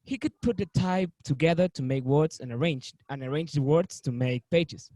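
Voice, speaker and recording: Student reading, dry and dark. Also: male voice, a little high, moderate pace, no echo, rough recording. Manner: reads with small slips and self-corrections. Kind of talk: reading aloud in class.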